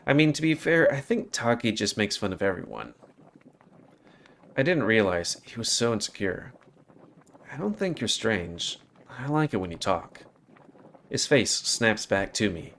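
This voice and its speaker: A man reading a visual novel aloud with an expressive delivery and hesitant, stumbling asides. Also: lowish voice, measured pace, gravelly, long pauses, slight background noise.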